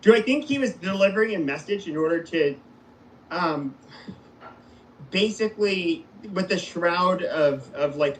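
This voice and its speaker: A man in a casual political debate, talking haltingly with many restarts. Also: high-pitched, animated, a little hiss or hum, low-quality recording. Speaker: mayoral candidate and host.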